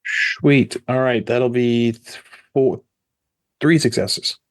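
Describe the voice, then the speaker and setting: A man's voice: mid-range voice, fairly even intonation, slow pace. A man playing a tabletop game, explaining his attack and talking to himself while rolling dice. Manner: casual, chatty self-talk while rolling dice. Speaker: player.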